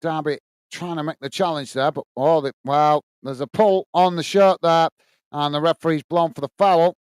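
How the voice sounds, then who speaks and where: A man's voice: fairly high pitch, fairly even intonation, moderate pace, smooth, dry recording. A man with a Lancashire accent hosting a live football watch-along, giving running play-by-play and reading viewer comments aloud in a friendly, matey way. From England.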